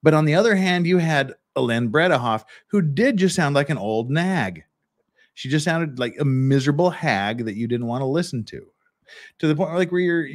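A man's voice: on the high side, lively intonation, moderate pace. A man hosting a podcast who talks through trial footage in a blunt, opinionated way, often restarting his sentences. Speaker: podcast host. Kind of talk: casual commentary on trial footage.

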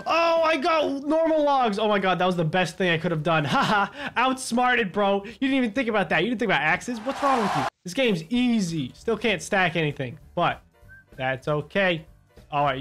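A young man with a high voice commentates his own gameplay, excitable and jokingly whiny. He jumps from loud yelps to low grumbles. Quiet background music plays beneath him. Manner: excitable, loud swings between outbursts and mutters; complains in a joking way. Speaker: gaming YouTuber. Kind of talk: let's play commentary.

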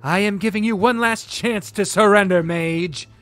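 A wrathful female knight in a fantasy visual novel, as a man puts her on, raised well above his usual pitch. She declares everything loudly and formally, with faint music behind. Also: normal speed, no echo. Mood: resolute.

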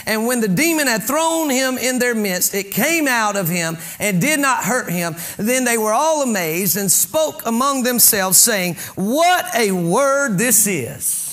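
Male pastor, sermon, high voice, bright and forceful tone, reads scripture then breaks it down, climbs to shouting. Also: expressive, a little slow, few pauses. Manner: fervent preaching, rising to shouts on key points; reads scripture aloud and stops to explain it.

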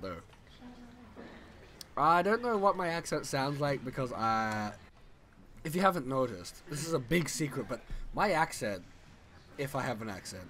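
Young male gamer, tipsy, rambling and giggly, bright voice that swings all over the place. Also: mid-range voice, slight background noise. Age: young adult. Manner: rambling, giggly, swears a lot; loses his train of thought. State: tipsy from drinking. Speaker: let's play commentator. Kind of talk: casual gaming commentary.

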